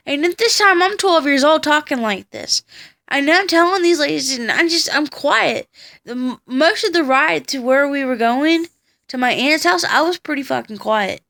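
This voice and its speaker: A woman's voice: sits high, animated, moderate pace, vocal fry, bright, forceful tone. A tired young woman telling a personal story on her vlog, blunt and profane as she recounts it. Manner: blunt and profane, heated retelling. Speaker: vlogger.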